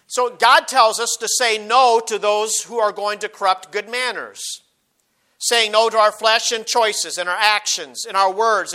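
A man with a high, bright voice preaches a sermon. He reads old scripture verses and presses his points by repeating them. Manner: emphatic, repeats key phrases, quotes King James scripture.

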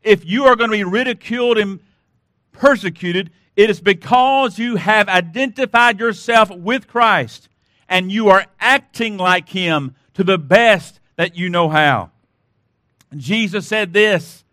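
Male pastor preaching, high bright voice, slow and emphatic, dry close sound. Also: dry recording. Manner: emphatic, rhetorical questions, repeated "listen". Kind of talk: sermon.

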